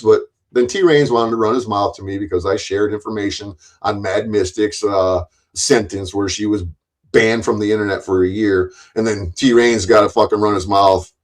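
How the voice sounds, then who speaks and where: A man's voice: on the low side, poor audio. A man hosting a live stream, ranting angrily with lots of cursing and rambling restarts.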